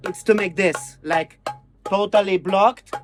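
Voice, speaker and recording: A man teaching hand-drum technique, chanting drum syllables and counting beats in halting. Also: sits high, fairly even intonation, over music. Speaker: percussion teacher. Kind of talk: hands-on music lesson.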